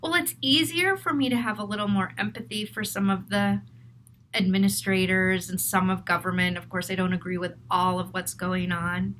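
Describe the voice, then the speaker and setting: A woman's voice: mid-range voice, fairly even intonation, normal speed, a bit bright, a little hiss or hum, low-quality recording. A middle-aged woman, a therapist, talking to camera in an earnest, self-reflective way as she works through her feelings aloud.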